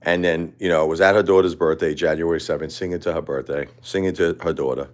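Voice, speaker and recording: A middle-aged man hosting a livestream, talking unscripted in a quiet, halting way and often repeating himself. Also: deep voice, fairly even intonation. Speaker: livestream host. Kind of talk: unscripted personal monologue.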